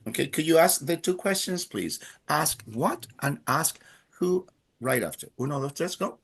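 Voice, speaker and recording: A man teaching a beginner Spanish class, explaining patiently and slowly with frequent hesitations. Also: fairly high pitch, animated, vocal fry, a bit bright, breathy edge. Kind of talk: classroom language lesson.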